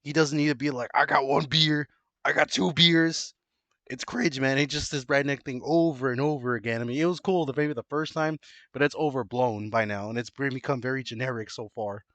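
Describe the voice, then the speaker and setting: A man holds a stubborn, teasing line in a casual podcast debate and laughs easily. His voice sits mid-pitch, and the sound is dry, with no room around it. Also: fairly even intonation, fairly quick, no echo. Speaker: co-host debating wrestlers.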